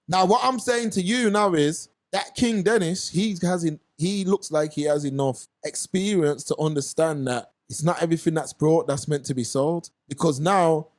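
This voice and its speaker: Young London male co-host, higher voice, lively slangy storyteller riffing on a podcast. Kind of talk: casual commentary chat.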